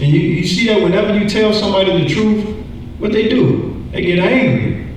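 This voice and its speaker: Conversational preacher in an echoey room. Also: male voice, high-pitched, fairly quick, slight background noise. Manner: conversational, repeats words, acts out voices. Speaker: Bible study teacher. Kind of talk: church lesson, sermon-like. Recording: echoey room, distant mic.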